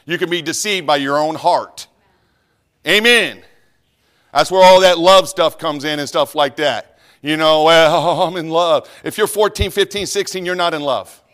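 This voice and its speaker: A middle-aged man with a drawl, preaching from the pulpit in a church sanctuary. His voice sits a little high and swings from loud, lively delivery to hushed asides. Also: moderate pace. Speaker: pastor. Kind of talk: sermon.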